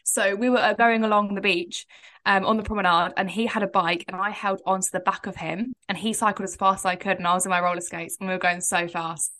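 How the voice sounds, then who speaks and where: A woman's voice: mid-range voice, steady tone, fast, pushed and bright. A woman, co-hosting a podcast in a rambling, chatty way and laughing often. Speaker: podcast co-host. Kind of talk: casual chat.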